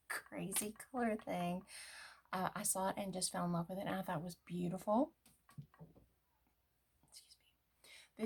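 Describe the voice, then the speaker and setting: A middle-aged woman talking casually through her makeup routine, often dropping to a soft whisper. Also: mid-range voice, husky. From United States. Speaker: beauty vlogger. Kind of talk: casual get-ready-with-me makeup talk.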